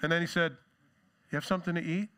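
A male pastor delivers a sermon in a loose, talky style, dropping jokes and side remarks as he goes. He acts out the quoted lines with lift and force, and his voice stays bright and forceful throughout. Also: on the high side, steady tone, quick pace, clean tone. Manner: conversational preaching with asides and jokes.

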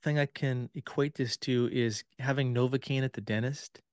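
A man in a casual podcast chat, telling stories in a relaxed way with many fillers. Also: mid-range voice, moderate pace, smooth, no room sound, studio quality. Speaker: podcast guest, tour guide.

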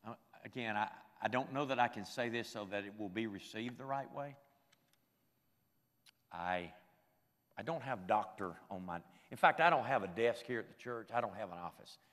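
An older man preaching a sermon at a camp meeting, moving emotionally between quiet reflection and loud, fervent exhortation. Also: fairly low pitch, moderate pace. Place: large hall at a church camp meeting. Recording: reverberant hall.

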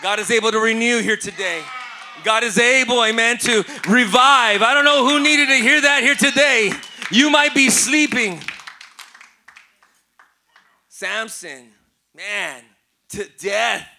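Middle-aged Southern Californian male pastor, sharp high voice, preaching with rising shouted emphasis. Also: takes it slowly, gravelly, a faint crowd, a little hiss or hum. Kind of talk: sermon. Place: church sanctuary.

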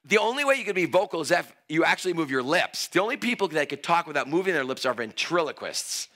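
A man preaching an energetic altar call in a church, excitable and playful, exclaiming and joking with the crowd. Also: fairly high pitch, quick pace. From Greek heritage. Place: church sanctuary.

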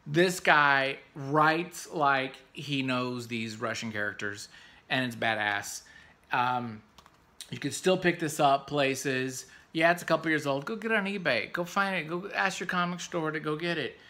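A man hosting a comics review channel, talking in a casual, excitable, rambling way with jokey asides. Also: a little high, unhurried. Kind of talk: casual enthusiastic review vlog.

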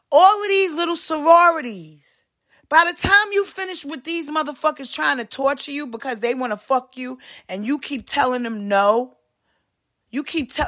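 A woman hosting a podcast, delivering a heated, profane ranting monologue with big swings in pitch. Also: pushed and bright. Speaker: podcast host.

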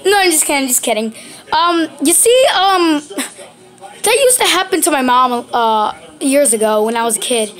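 Woman improvising a plush puppet skit; high, animated voice, hesitant and full of restarts. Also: moderate pace. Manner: hesitant, many ums and restarts. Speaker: plush toy video maker.

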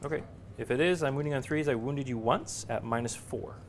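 A man's voice: mid-range voice, fairly quick, slight background noise. A man playing in a live tabletop wargame stream, thinking aloud as he tallies shots, hits and damage with many small hesitations. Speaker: guest player. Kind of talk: casual play-by-play of a tabletop wargame.

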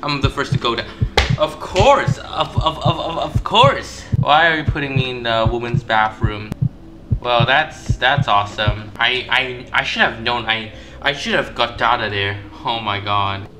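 Jittery gaming YouTuber, mid-pitched male voice over loud game music, nervous repeats, yelps when caught. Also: normal speed. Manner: panicky, self-mocking, repeats words in bursts; shrieks high when caught. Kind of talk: gameplay commentary.

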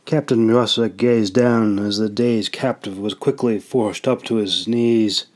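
A man narrating a fantasy audiobook in a measured, deliberate reading. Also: on the low side, steady tone, a little mellow. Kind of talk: storybook narration.

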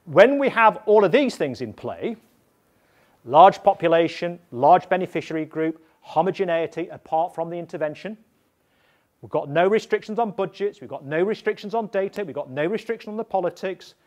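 A man, an evaluation expert, explaining methods to practitioners in a deliberate, emphatic way, often checking in with his listeners. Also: high-pitched, expressive. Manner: emphatic, repeats points and checks in with "yeah?".

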